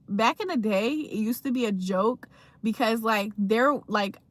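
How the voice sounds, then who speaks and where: Young woman from Virginia, livestream host, slightly high pitch, easygoing chat with frequent laughs. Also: a little slow, no echo. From Virginia, USA. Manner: laid-back, chatty, laughs often. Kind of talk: casual chat reading live comments.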